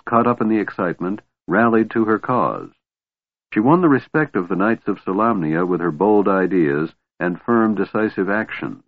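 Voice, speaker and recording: A man with a lowish voice narrates a fantasy audiobook, telling the story in a steady, measured way. The recording is dry, with a tinny, phone-like sound.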